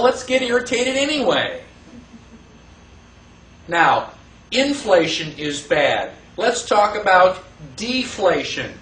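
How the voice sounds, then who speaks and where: Captured from far off in an echoey classroom with a little hiss or hum, a teacher with a high voice lectures animatedly. He throws rhetorical questions at his students and imitates the voices of the people he quotes.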